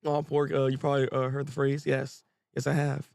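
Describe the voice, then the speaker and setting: A young adult man giving live reaction commentary, animated and joking, laughing often and restarting his sentences. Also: medium pitch, a little fast, vocal fry, no echo. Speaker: manga reaction host.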